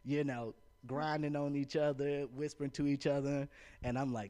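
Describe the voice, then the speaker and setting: A man's voice: mid-range voice, fairly even intonation, fairly quick, dark tone. A man, telling a candid story with a laugh on a casual podcast. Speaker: podcast co-host.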